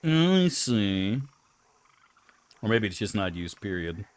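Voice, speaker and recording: A man's voice: fairly low pitch, sing-song, takes it slowly, clean tone. A man casually commenting on his gameplay for viewers, joking and crude. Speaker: streamer.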